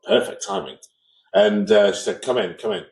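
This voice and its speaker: Speaking at normal speed, the man's lowish, gravelly, darkish voice swoops wildly in pitch over a low-quality recording. He is from England and co-hosts a podcast, where he chats casually and tells an anecdote, acting out quoted people.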